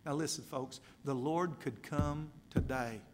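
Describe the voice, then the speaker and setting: A man preaching a sermon, dramatic and emphatic, repeating phrases and swinging from loud to hushed. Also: fairly high pitch, measured pace, slight background noise.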